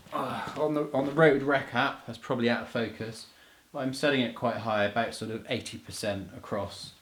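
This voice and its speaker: A man's voice: mid-range voice, slight background noise. A man casually talking through a microphone test, self-deprecating and rambling, with plenty of fillers and restarts. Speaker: video maker testing microphones. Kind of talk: casual, unscripted equipment walkthrough. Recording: roomy, echoey indoor recording.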